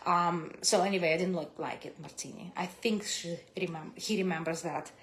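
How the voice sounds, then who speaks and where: A woman from Kazakhstan tells casual personal stories to the camera at normal speed, speaking with a Russian accent and non-native grammar. She's animated, with big swings in pitch and loudness.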